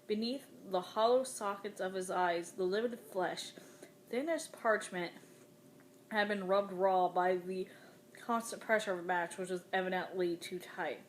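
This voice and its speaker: Woman reader, middle pitch, expressive first-person narration, dramatic. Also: unhurried, slight background noise. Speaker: audiobook reader. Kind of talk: first-person novel reading.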